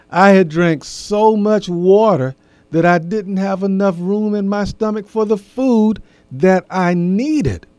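A man's voice: sits high, slow pace, a little mellow, no room sound. A middle-aged man hosting a casual talk, addressing his audience directly and repeating key phrases for emphasis. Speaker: host.

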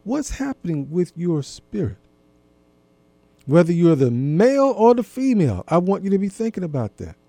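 A man giving an earnest, gently instructive talk to listeners about marriage, often repeating himself. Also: high-pitched, sing-song, moderate pace, vocal fry, no echo. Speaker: marriage and intimacy speaker.

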